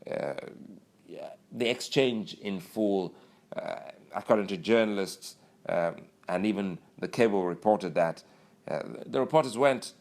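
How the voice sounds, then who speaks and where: A man's voice: lowish voice, unhurried, gravelly, a little mellow. A man giving political commentary, musing along with many uhs and you knows.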